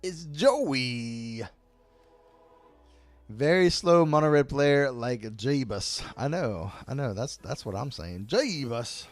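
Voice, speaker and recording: Excitable swearing streamer guy. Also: mid-range voice, slow pace, dry recording, soft background music. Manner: excitable, swears a lot, talks to chat. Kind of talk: live-stream gameplay commentary.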